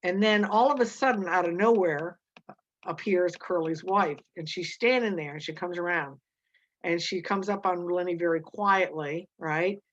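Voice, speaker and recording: A woman teacher explaining a novel chapter and reading passages aloud, halting with many fillers and restarts. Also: lowish voice, highs cut off, slight background noise.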